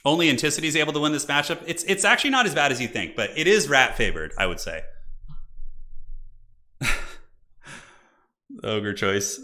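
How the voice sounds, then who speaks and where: A young man hosting a live game stream, chatting casually and excitably with viewers and often laughing. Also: a little high, moderate pace, long pauses. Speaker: streamer hosting multiplayer matches.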